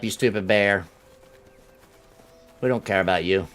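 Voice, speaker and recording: A man's voice: lowish voice, a little slow, fairly bright tone, slight background noise. A man live-streaming an online game, chatting casually and jokingly with his viewers and teasing things in the game. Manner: playful, jokey, talks to chat and his game. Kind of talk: casual live-stream chat while playing.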